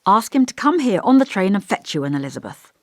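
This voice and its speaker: A woman's voice: mid-range voice, sing-song, quick pace, no echo, clean studio sound. A woman reading the part of an earnest young woman in an audiobook, speaking tentatively and coaxingly. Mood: bewildered.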